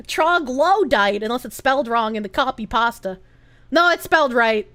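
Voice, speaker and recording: A woman streamer chatting casually and reading viewer comments aloud, giggly and animated, swearing freely. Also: fairly high pitch, normal speed. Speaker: live streamer.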